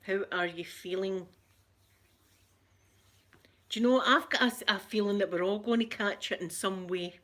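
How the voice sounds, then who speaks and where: The ASMR livestream host, a middle-aged Glaswegian woman from Scotland, talks a little slowly with long pauses in a mid-range, somewhat bright voice. She keeps things casual with viewers, repeating phrases and laughing frequently.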